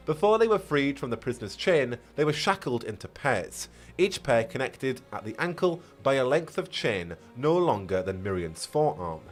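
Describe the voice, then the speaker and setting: A man's voice: mid-range voice, big pitch swings, moderate pace, few pauses. A man reading a fantasy story aloud on a live stream, often stumbling and rereading with chatty asides.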